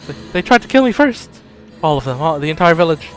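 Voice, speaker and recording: A man's voice: medium pitch, brisk, soft background music, natural voice. A man voicing a tormented man who has become a beast, frantic and stammering. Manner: frantic, stammering, breaking into shouts. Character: tormented man turned beast, desperate and unhinged.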